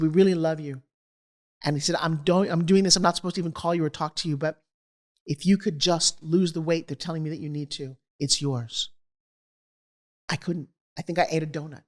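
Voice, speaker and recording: Animated middle-aged woman telling her story. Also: low voice. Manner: animated, acts out quoted voices. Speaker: guest. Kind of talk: candid storytelling interview.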